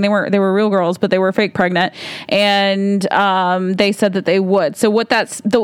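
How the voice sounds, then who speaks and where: A woman's voice: fairly high pitch, smooth, no echo. A woman hosting her opinion podcast, talking in a heated, fired-up rant. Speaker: podcast host.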